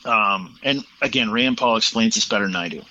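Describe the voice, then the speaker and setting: Opinionated man, bright and dull-toned. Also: fairly low pitch, brisk, a little hiss or hum. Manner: opinionated, retells exchanges at length. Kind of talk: casual political chat. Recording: dull lo-fi sound.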